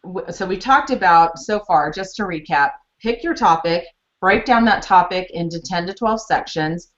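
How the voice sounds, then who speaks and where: Low-voiced woman teaching a webinar. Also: normal speed. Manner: chatty storytelling, animated retellings. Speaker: webinar presenter. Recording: muffled lo-fi webinar audio.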